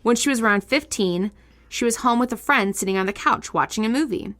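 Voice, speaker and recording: A woman co-hosting a casual podcast, reading listener ghost stories aloud with lively reactions and frequent laughs. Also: on the high side, a little fast. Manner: animated, laughs often, reacts with disgust. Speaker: podcast co-host.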